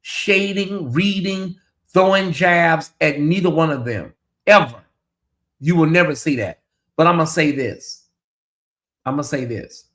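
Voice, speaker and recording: A man's voice: on the high side, animated, unhurried. A man giving casual livestream commentary, dramatic and teasing, talking straight to his chat.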